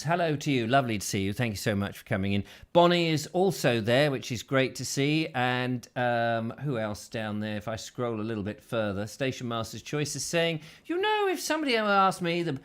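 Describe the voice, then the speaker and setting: A man's voice: fairly high pitch, fairly bright tone. A man hosting a live-stream show, chatty and playful, reading out viewers' names and comments. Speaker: host.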